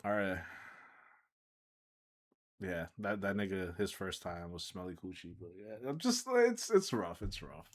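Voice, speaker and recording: A man streamer casually telling a personal story, animated and laughing, swinging between mumbles and shouts. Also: low voice, measured pace, pauses often, slight background noise. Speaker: streamer reacting to a video.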